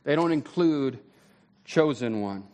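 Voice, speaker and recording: A man preaching a sermon in a conversational way, his voice climbing when he gets excited. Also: mid-range voice, slow. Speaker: pastor.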